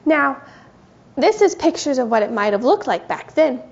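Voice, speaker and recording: A woman giving a gentle, sing-song Bible lesson to small children. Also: sits high, very animated, moderate pace, husky, highs cut off. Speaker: children's teacher.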